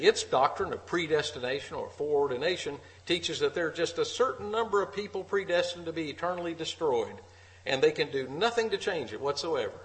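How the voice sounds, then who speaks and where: A man's voice: on the high side, fairly bright tone, low-quality recording. Earnest man preaching a sermon. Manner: earnest, repeats key phrases for emphasis. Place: church meeting hall.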